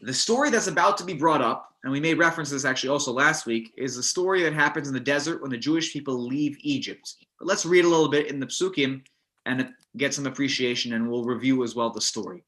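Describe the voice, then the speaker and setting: A man teaching a text study class, animated, with many restarts, acting out the verses. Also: mid-range voice, fast.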